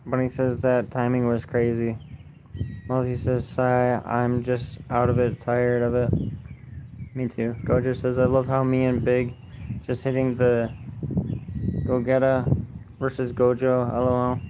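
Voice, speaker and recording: A young man live streaming from a lakeside park, reading his chat aloud in a flat, mumbled way that turns defensive at times. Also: mid-range voice, measured pace, pauses often. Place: outdoors at a park by a lake. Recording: noisy outdoor phone recording.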